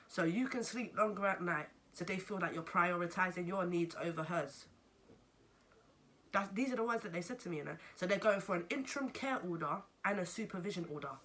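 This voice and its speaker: A young woman with a London accent, telling a story to camera in a casual, animated way and swearing freely. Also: medium pitch. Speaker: vlogger.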